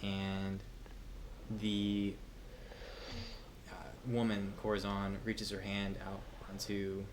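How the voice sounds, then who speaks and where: A man narrating a tabletop game as game master, calm and measured. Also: lowish voice, noisy background.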